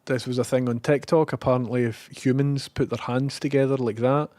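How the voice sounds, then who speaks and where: A man's voice: mid-range voice, a little fast, dry recording. Sweary Scottish man chatting on stream. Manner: rambling and profane, with bursts of loud excitement. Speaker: live streamer. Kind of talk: casual live-stream chat.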